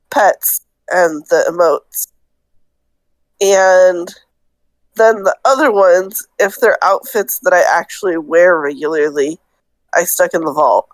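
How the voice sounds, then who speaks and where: Woman on a gaming podcast, lowish voice, dry mic, explaining stuff plainly. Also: no echo, rough recording. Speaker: podcast co-host. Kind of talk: casual chat.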